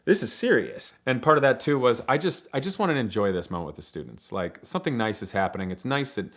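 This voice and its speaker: A man casually telling a long personal story, animated, acting out other people's lines and laughing often. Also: mid-range voice, fast. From Ohio, United States. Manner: animated, acts out quoted voices, laughs often. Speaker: storyteller, program leader.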